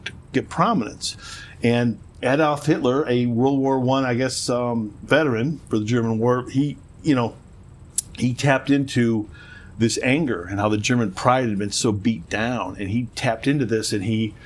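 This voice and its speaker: A man's voice: mid-range voice, normal speed, a little hiss or hum. A middle-aged man co-hosting a talk show, chatting casually and rambling with many restarts. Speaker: podcast co-host. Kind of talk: casual political chat.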